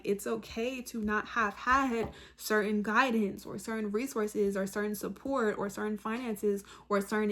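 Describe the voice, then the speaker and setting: A woman talking straight to her viewers with motivational advice, earnest and direct, counting off her points one by one. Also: mid-range voice. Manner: repeats phrases for emphasis, says "like" often. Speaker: self-help video host. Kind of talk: motivational monologue to camera.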